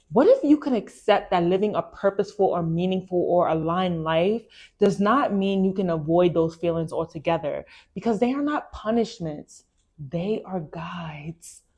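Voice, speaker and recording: A young woman hosting a podcast, reading a book aloud and reacting to it in an animated, emphatic way, with slang and repeated phrases. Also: lowish voice. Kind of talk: casual chat mixed with reading aloud.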